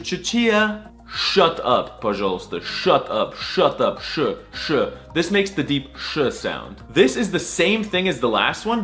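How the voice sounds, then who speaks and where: A man's voice: fairly high pitch, fairly bright tone. A young man giving comic scripted narration in a mock-serious, crude style, breaking into silly repeated sounds. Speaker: comedic video narrator.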